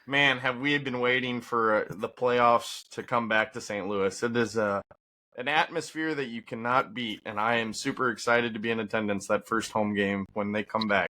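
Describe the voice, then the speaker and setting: A man's voice: mid-range voice, fairly even intonation, normal speed, pushed and bright. A young man co-hosting a podcast, talking with enthusiasm about the team and the sponsor. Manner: enthusiastic fan talk. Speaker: podcast co-host. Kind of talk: casual podcast chat.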